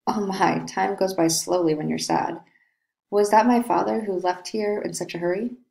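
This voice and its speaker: A woman reading the part of a brooding, lovesick young nobleman in a play, in a slow, dreamy way. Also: medium pitch, fairly even intonation, gravelly, darkish tone, natural voice, poor audio. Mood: wistful.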